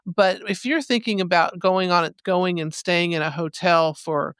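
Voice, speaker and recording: Smooth-voiced woman, casual co-host. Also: on the low side, fairly even intonation, a bit bright, no room sound, studio quality. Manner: encouraging, halting with restarts. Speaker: podcast co-host. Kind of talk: casual chat.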